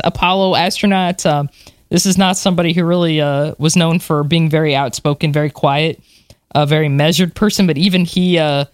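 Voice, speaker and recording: Chatty co-host, medium pitch, dry recording, lively storytelling delivery. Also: dry recording. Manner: animated storyteller, laughs often, many fillers. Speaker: podcast co-host. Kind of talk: casual conversational podcast chat.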